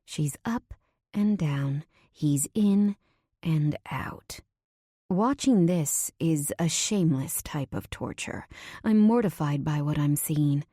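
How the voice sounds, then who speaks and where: A woman narrating a first-person romance audiobook in an intimate manner, slipping into breathy whispers. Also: deep voice, dark tone, no echo, clean studio sound.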